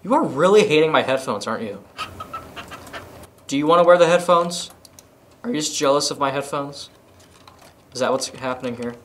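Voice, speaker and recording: A man commentating his gameplay with a bright, highish voice that swoops up and down in pitch. He bursts into loud, playful exclamations and goofy asides, keeping a lively, excitable energy throughout. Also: normal speed, pauses often, a little hiss or hum. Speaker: gaming host. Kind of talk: gaming commentary.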